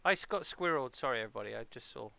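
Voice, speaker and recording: A man's voice: mid-range voice, animated, very fast, gravelly, bright, forceful tone. A man from Portsmouth with a local English accent, rambling playfully and mocking himself as he streams a game at home. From Portsmouth, England. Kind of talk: casual live-stream commentary.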